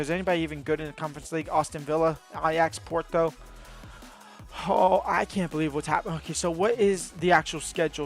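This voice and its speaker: Excitable man commenting on a game. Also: a little high. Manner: excitable, thinking aloud, quick asides. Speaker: gaming YouTuber.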